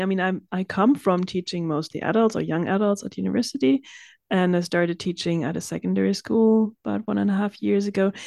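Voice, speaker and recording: Gravelly-voiced woman interviewer, dry sound. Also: mid-range voice, warm tone, no room sound. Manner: attentive, frequent affirmations. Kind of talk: conversational interview.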